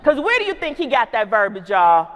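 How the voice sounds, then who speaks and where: Animated woman telling a story in a reverberant hall. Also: a little high, brisk, a faint crowd. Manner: animated, call-and-response asides. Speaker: keynote speaker and school principal. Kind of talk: humorous storytelling keynote. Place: large conference hall. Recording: long reverb of a conference hall.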